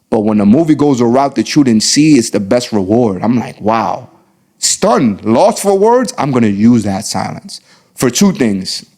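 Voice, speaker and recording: A man hosts his own podcast, giving heartfelt advice in a mid-pitched voice. He is earnest and emphatic, and he often repeats a phrase and slows down to let a point land. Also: a little mellow. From the Bronx, New York. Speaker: podcast host. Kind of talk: solo podcast advice talk.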